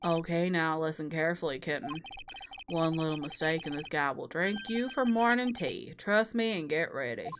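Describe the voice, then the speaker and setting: A woman voicing a cool, teasing male prosecutor, reading game dialogue aloud in a low, smooth drawl. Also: normal speed, noisy background, natural voice. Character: gruff, cool male prosecutor, calls her kitten.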